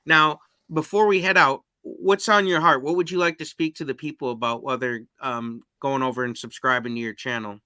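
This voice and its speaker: Male podcast host, casual and chatty, bright forceful tone, dry close sound. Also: medium pitch, fairly even intonation, fairly quick, hardly any pauses, dry recording. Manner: laughs easily, reads viewer comments aloud. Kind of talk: casual live-stream interview.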